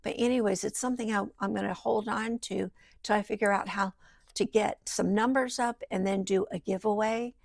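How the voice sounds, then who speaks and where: Gravelly woman murmuring through her crafting. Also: mid-range voice, steady tone, moderate pace, no echo. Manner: rambling, thinks aloud, drifts into soft murmurs. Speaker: journal maker. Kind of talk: casual craft walkthrough. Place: home craft table beside a sewing machine.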